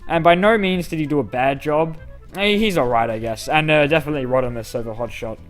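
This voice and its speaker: A young man with a fairly high voice runs through viewer questions in a relaxed, offhand way. He rambles and puts himself down, and a faint track of music plays under him. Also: quick pace. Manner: self-deprecating, rambling with fillers. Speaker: YouTube channel host answering fan questions. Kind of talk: casual Q&A reading comments aloud.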